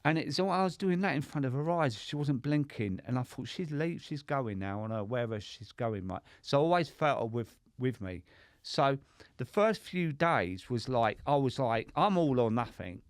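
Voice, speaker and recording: A man's voice: mid-range voice, lively intonation, normal speed, no echo, studio quality. A middle-aged man, a guest on a podcast, telling his story in a chatty, sweary way and often asking "right?". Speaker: sobriety coach and podcast guest. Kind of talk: casual conversational storytelling.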